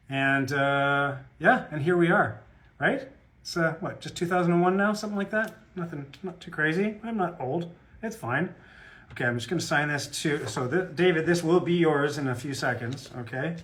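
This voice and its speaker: Guy rambling and joking with fans on a live stream, slightly high voice, laughs at himself. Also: a bit bright. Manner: rambling and jokey, self-deprecating. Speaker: guest voice actor at a fan autograph Q&A. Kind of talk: casual live-stream chat.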